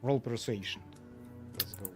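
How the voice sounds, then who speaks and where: A woman game master with a strikingly deep voice, laying out the rules plainly. Clear music plays behind her. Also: unhurried. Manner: direct, explaining rules. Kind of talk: running a tabletop game.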